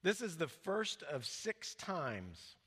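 A man's voice: sing-song, slow pace, slightly rough. Man preaching in a reverberant hall. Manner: conversational, with many fillers and restarts; drops soft and low when quoting scripture. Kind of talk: sermon teaching.

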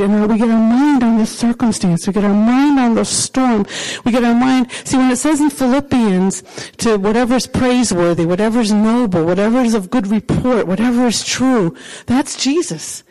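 A woman's voice: fairly high pitch, warm tone, poor audio. A woman pastor preaching a sermon in an emphatic, repetitive way, circling back to the same phrases.

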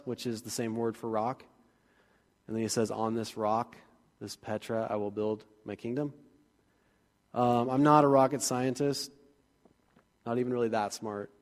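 A fairly high-voiced man preaching a sermon in a church sanctuary. He keeps it casual and joking, then builds into energetic bursts. His voice carries a long, ringing church reverb. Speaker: pastor.

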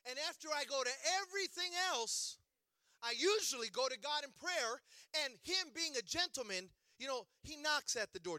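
A middle-aged male preacher with a very high, bright and forceful voice, in a dry, close sound. He tells funny stories in an animated way, acts out the quotes and works up to shouted exhortations. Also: normal speed, no room sound. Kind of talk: humorous storytelling sermon.

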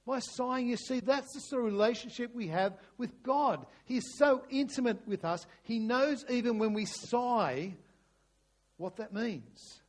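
A middle-aged man preaching a conversational sermon, restarting phrases often and sometimes dropping to a hushed, prayerful tone. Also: very high voice, measured pace. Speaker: pastor.

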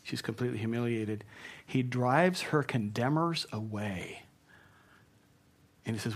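A man preaching a sermon as pastor, earnest and emphatic, dropping soft for tender points. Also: mid-range voice, a little slow, breathy edge.

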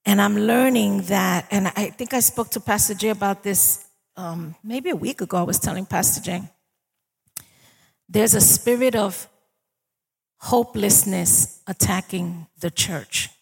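Woman preacher, slow and husky, chatty sermon delivery, long hall echo. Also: mid-range voice. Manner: conversational preaching, asks the congregation for agreement. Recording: long reverb of a large hall.

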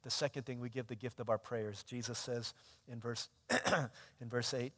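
Guy preaching in a church, big long reverb, swings loud to quiet. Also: mid-range voice, normal speed. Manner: animated storytelling with shifts between loud and hushed. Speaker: pastor. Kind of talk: sermon.

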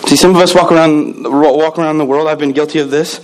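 A middle-aged man preaching in a high, light voice. He drives points home with emphatic repetition and storytelling. A faint hiss sits under the recording. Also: steady tone, a little fast, darkish tone, rough recording. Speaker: pastor. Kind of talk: sermon.

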